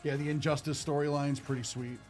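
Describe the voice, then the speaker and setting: A man's voice: on the high side, little pitch movement, fairly quick, darkish tone, soft background music. A young man hosting a card-opening stream, chatting casually and rambling with lots of fillers. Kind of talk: casual chat while opening cards.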